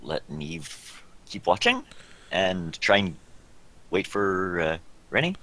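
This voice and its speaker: A man's voice: slow pace, low-quality recording. A man playing a tabletop game, talking in a playful way. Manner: playful, lively swings of pitch. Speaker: player.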